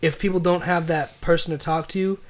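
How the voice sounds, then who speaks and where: A young man with a somewhat high voice talks casually on a podcast. He rambles, often repeating a word before finding the rest of his thought. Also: fairly even intonation, normal speed. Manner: rambling, repeats words while thinking. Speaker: podcast co-host. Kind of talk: casual chat.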